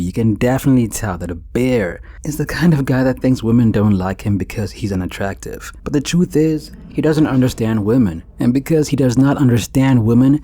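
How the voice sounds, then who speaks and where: A man's voice: mid-range voice, dark tone. A man giving a comedic movie commentary and acting out characters' lines. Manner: joking, acts out characters' lines.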